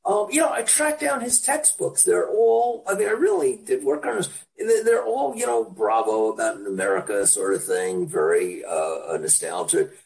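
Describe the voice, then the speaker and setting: A man from New York, a historian being interviewed, telling anecdotes in a lively, rambling way. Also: mid-range voice, normal speed, gravelly, hardly any pauses, far from the mic, rough recording. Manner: animated, digressive, puts on voices for quotes. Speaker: historian and author guest.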